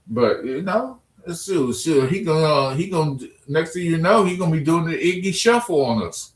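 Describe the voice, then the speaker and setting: A man's voice: a little high, animated, moderate pace, few pauses. Joking man live-streaming in an echoey room. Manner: loose, joking, trash-talking with chat. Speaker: live streamer reading chat. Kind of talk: casual live-stream chat. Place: home room at his computer.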